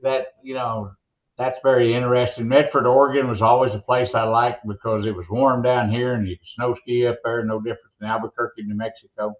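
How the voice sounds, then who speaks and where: Here the former monster truck announcer, an older man with an Oklahoma accent, talks fairly quickly in a mid-range voice with a flat delivery. As a guest in a casual interview, he rambles through folksy stories and jokes, and the audio comes across dull.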